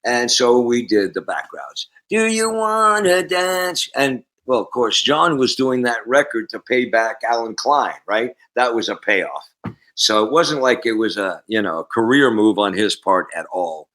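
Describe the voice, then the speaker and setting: A man in his sixties from Canada, a musician guest telling stories in a casual interview, animated and acting out the voices. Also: fairly low pitch, moderate pace, rough recording.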